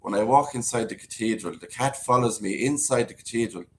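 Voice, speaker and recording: A man's voice: medium pitch, fairly quick, slight background noise. A man hosting a casual live-stream chat, chatting and reading out viewer comments.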